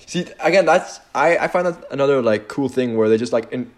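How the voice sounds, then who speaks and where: A man co-hosting a casual podcast chat, lively and quick to laugh. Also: mid-range voice. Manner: lively, animated, laughs a lot. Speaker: podcast co-host.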